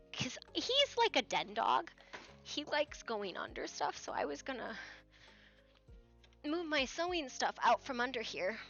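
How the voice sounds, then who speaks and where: High, lively woman streamer chatting. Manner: chatty and profane, switching into coaxing baby talk with her dog. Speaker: live streamer. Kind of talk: casual chat. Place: room at home. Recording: dull lo-fi stream audio with faint music.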